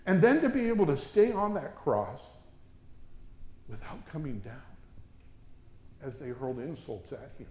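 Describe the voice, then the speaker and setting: A man's voice: fairly high pitch, very animated, unhurried, long pauses. Impassioned male preacher in an echoey room. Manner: dramatic swings from loud exhortation to hushed reverence. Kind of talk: sermon.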